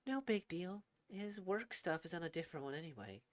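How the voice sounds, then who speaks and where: A man voicing a gentle, motherly woman who speaks softly and fondly. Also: high voice, big pitch swings, no room sound, voice pushed up. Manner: soft, fond and unhurried.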